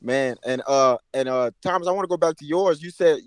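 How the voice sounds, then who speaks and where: A young man hosting a casual podcast chat, telling stories in an animated, slangy way. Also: a little high, brisk, clear, resonant tone, no echo. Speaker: podcast host.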